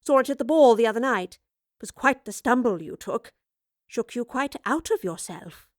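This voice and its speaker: Woman reader playing a flirtatious, unafraid lady professor, lilting and animated. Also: on the high side, moderate pace, no echo, studio quality, lightly acted. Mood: teasing. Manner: cheeky, flirtatious, fearless. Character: bold, teasing female time-travelling professor.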